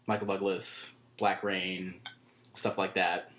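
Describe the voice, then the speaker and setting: A man's voice: low-pitched, little pitch movement, slow pace, a bit bright. A man co-hosting a podcast, chatting casually about a movie, joking and laughing often. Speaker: podcast co-host. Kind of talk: casual movie-review chat.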